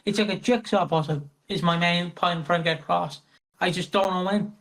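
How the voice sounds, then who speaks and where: Man, podcast co-host, bright edgy tone, rambling and sweary. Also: high voice, a little fast, poor audio. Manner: rambling, excitable, heavy swearing. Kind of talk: casual podcast chat.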